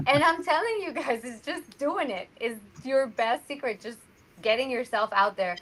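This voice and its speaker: A Mexican actress, here as an interview guest, chats casually in a fairly high voice at an unhurried pace. She's animated and acts out the voices of people she quotes. The audio is poor.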